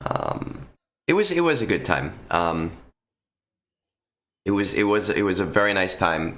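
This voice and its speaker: A man's voice: low voice, very animated, unhurried, long pauses, a bit bright. A man streaming live, chatting casually with viewers from a room at home into a close microphone, rambling and swearing with many restarts and ums, with a lingering cough after an illness.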